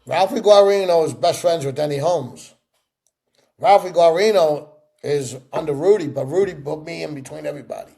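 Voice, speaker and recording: A middle-aged man in a sit-down interview, telling stories with lively acted-out voices. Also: on the high side, moderate pace, gravelly. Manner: animated storyteller acting out quoted voices. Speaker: interview guest.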